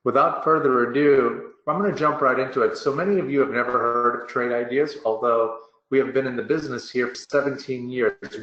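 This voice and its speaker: A man presenting a software product demo in a webinar, upbeat and casual with a salesy confidence. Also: medium pitch, a little fast, few pauses. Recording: dull, roomy online webinar audio.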